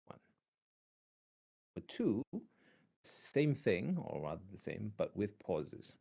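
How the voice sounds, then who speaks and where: Lively, unhurried male lecturer. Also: fairly low pitch, vocal fry, husky. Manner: animated, asks the class questions. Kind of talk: online class lecture.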